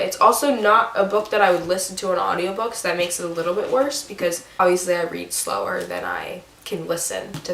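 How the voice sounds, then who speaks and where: A woman's voice: lowish voice, gravelly, fairly bright tone, distant mic. A young woman vlogging about books, chatty, gushing and emotional. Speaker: book vlogger. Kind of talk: casual chat. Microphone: camera mic. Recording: roomy echo, from off the mic, faint hiss.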